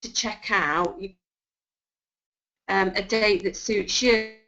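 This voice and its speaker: A woman's voice: medium pitch, steady tone, takes it slowly, bright, forceful tone. Chatty woman on a dull web call. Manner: chatty, many ums and restarts. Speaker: sales consultant giving tips. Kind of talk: webinar talk. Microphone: video call.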